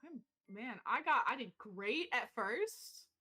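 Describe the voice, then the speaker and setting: Bright-voiced woman playing in a tabletop game. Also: fairly high pitch, expressive, slow pace, breathy edge. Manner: hesitant, stumbling questions. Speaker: player. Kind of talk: casual play chat.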